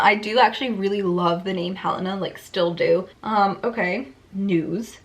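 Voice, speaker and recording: A woman's voice: medium pitch, animated, unhurried, hardly any pauses. A young woman reading her old writing aloud, breaking off for wry, self-mocking asides. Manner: breaks off mid-sentence to comment. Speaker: YouTuber.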